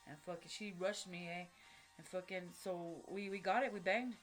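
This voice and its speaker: A woman's voice: on the low side, steady tone, moderate pace, faint music behind. A woman telling a personal story to camera, blunt and profane, in street slang with lots of fillers. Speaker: vlogger.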